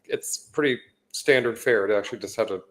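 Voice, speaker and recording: Chuckling man trading quick asides. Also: on the low side. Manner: laughs often, chimes in with quick asides. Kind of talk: casual chat. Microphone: live stream microphone.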